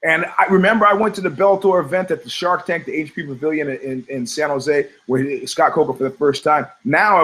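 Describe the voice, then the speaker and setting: A man's voice: fairly high pitch, a bit bright. A man in his forties hosting a talk show, rambling and swearing, often repeating words as he restarts his thoughts. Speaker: podcast host.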